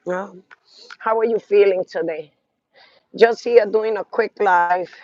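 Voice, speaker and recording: A man's voice: sits high, steady tone, slow pace, darkish tone, lo-fi sound. A congested man rambling casually to viewers on a live stream while walking outdoors on a city street, talking into a phone. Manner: rambling, talks to viewers, trails off. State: congested from sinus trouble.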